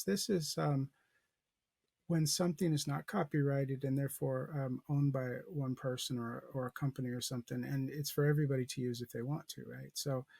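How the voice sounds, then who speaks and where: Male professor, lecturing on a poem, rough husky voice, rambling and full of fillers, dry close mic. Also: mid-range voice, a little mellow, no echo. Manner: loose, thinking aloud with many fillers and restarts. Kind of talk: poetry lecture with a read-aloud.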